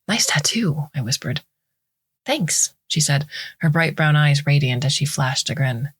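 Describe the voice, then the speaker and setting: A woman reading a short story aloud in the first person, in a measured, wry storytelling manner. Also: low-pitched, fairly even intonation, slightly rough, no room sound, studio quality. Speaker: story reader. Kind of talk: scripted narration.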